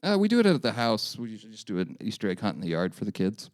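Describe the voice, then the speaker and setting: Smooth-voiced man, dry close sound. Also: on the low side, huge pitch swings, very fast, no room sound. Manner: joking, self-correcting. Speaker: podcast co-host. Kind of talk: casual news chat.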